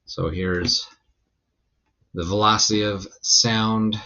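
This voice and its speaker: Male physics teacher, low voice, loose chatty lecture delivery with fillers. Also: slow, highs cut off. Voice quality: gravelly when relaxed. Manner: loose, rambling explanation with many fillers. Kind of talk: recorded lecture.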